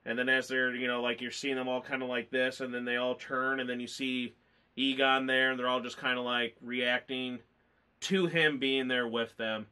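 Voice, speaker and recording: A man talks loosely and emotionally, piling on fillers as he goes. His voice is bright and sharp at an ordinary pitch, and he sounds choked up and close to tears. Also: flat delivery, normal speed, smooth. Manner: rambling, emotional, lots of fillers. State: tearful, choked up. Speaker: movie reviewer. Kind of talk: casual chat.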